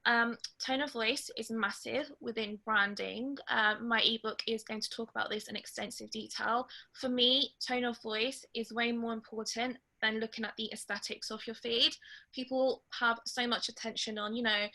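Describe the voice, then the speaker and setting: A woman giving a webinar talk, blunt and straight to the point, sometimes loud. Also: fairly high pitch, moderate pace, gravelly. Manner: lively, loud in places. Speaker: webinar guest speaker. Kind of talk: webinar talk on social media strategy.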